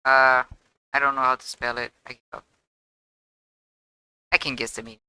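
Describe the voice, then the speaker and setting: Over background game music, a live streamer chats casually through a let's-play, exclaiming and breaking off mid-sentence. The voice is mid-range, delivered flatly at a moderate pace, and sounds pushed and bright. The tone is clean and echo-free, but the recording quality is low.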